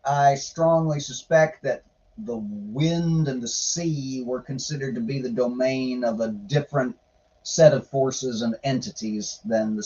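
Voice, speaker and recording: A man with a medium-pitched, darkish voice, heard on a muffled recording, reads the Bible aloud for his podcast. He comments casually with irreverent sarcasm, swearing now and then.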